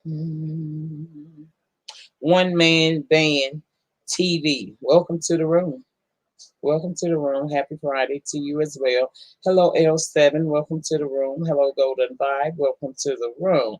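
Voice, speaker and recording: A woman's voice: low voice, fairly even intonation, a little slow, darkish tone, dry recording, rough recording. Woman host greeting her live chat. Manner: folksy, affectionate, calls people honey and baby. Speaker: livestream host. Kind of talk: casual live-stream chat greeting viewers.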